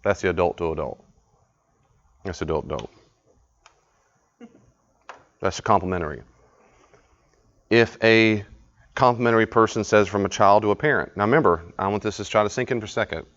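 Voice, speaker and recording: A man's voice: lowish voice, fairly quick, long pauses, fairly bright tone. A man leading a live study group, teaching in a conversational way, often repeating himself and putting questions to the group. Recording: dull lo-fi live recording.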